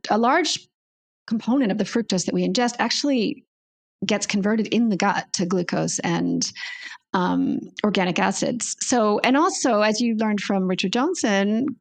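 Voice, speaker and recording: A woman's voice: mid-range voice, sing-song, moderate pace, vocal fry. A woman guest, a naturopathic doctor, explaining at length in a conversational interview, often restarting and thinking aloud.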